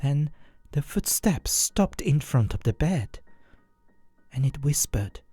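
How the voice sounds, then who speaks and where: A narrator telling a first-person horror story in a scripted, expressive way. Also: medium pitch, a little slow, husky, no room sound, faint music behind.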